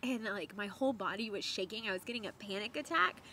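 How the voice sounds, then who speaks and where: A young woman vlogger telling a story to camera in a chatty, animated way, laughing often and repeating words for emphasis. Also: medium pitch, quick pace, a little hiss or hum.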